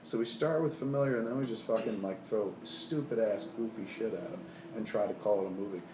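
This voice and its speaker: A man's voice: on the low side, brisk, noisy background. A man in his forties, a filmmaker, giving rambling, laid-back and profane interview answers. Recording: roomy, mic at a distance.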